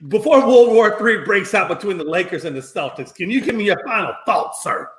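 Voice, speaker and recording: A man hosting a sports talk show, energetic and steering the conversation along. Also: high voice, normal speed, slight background noise. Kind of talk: casual sports banter. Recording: roomy echo.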